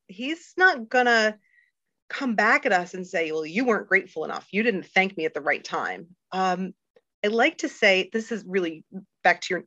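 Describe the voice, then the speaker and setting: A woman's voice: fairly low pitch, sharp tone, no room sound. A middle-aged woman, a guest on a faith podcast, talking candidly and earnestly with many fillers and restarts. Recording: dull lo-fi dry recording.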